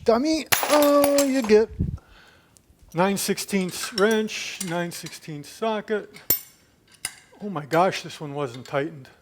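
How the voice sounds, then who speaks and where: A man giving a hands-on repair demonstration in his home gym, chatting and talking to himself as he works. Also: on the high side. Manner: chatty, talks to himself while working. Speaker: DIY video maker.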